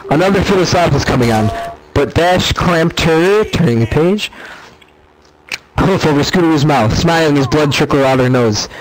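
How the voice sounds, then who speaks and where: A man's voice: fairly high pitch, animated, normal speed, slight background noise, poor audio. A man reading a fan story aloud, stumbling and correcting himself as he goes. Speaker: reader.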